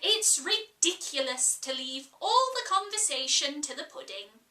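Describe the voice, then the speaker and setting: A stern, bossy queen who commands decidedly, as a woman puts her on. Her bright voice rises and falls widely. It rings in an echoey room, set back from the mic. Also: high-pitched, expressive, unhurried, recorded from a distance, heavily acted. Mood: commanding.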